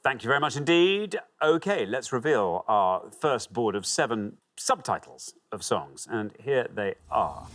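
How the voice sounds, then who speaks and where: Male game show host, animated delivery, jovial teasing banter, studio setting. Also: fairly low pitch, normal speed, hardly any pauses.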